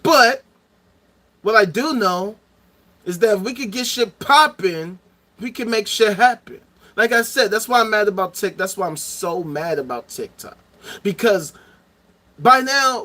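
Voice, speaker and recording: A man's voice: high-pitched, expressive, normal speed, sharp tone. A man ranting angrily into the camera, profane and heated, hammering points home by repeating them. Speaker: vlogger. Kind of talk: angry ranting monologue.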